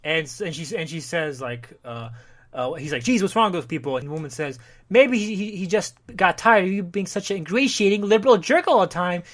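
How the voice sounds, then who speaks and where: A man on a podcast casually retelling a comic book plot, acting out the characters' lines in lively voices. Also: high-pitched. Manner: animated retelling, acting out dialogue in quick voices. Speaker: podcast host.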